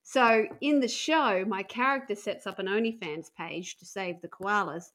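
A woman's voice: medium pitch, normal speed, a bit bright. A woman comedian from Australia telling bawdy stories in casual podcast chat, laughing often. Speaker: comedian guest.

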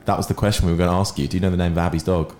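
A man's voice: sits low, level tone, rapid-fire, a little mellow, slight background noise. A man co-hosting a podcast, asking questions and teasing the guest playfully. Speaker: podcast co-host. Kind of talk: casual podcast chat. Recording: echoey room.

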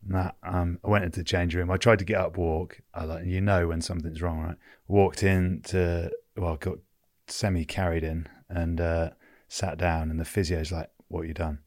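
A man's voice: low voice, flat delivery, normal speed, a little mellow, no room sound, clean studio sound. A middle-aged English man with an English accent telling frank, sweary stories as a guest in a casual chat. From England. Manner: frank, swears freely, many restarts. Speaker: guest, former rugby player. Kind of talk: casual storytelling.

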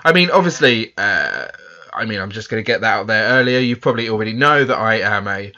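A man's voice: fairly low pitch, lively intonation, brisk, bright, forceful tone. A British man co-hosting a podcast in a casual, chatty, self-deprecating way, laughing often. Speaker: podcast co-host. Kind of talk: casual chat. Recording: dull lo-fi audio.

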